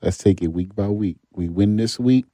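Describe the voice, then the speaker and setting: Deep dark-voiced man, laid-back. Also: normal speed, no room sound, clean studio sound. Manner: laid-back, short slangy replies. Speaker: guest, former pro football player. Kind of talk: casual sports talk.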